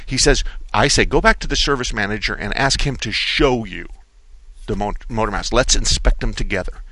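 A middle-aged man hosting a car-repair call-in radio show, telling stories with lively quoted voices. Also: moderate pace, no room sound, poor audio. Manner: animated storyteller, acts out quotes with big pitch jumps. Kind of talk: talk radio monologue.

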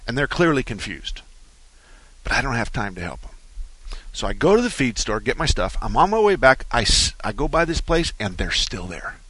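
Man hosting a radio car show, folksy rambling stories, lively pitch, bright dry studio sound. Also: moderate pace, breathy edge, no room sound. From Arizona. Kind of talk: talk radio monologue. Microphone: studio microphone.

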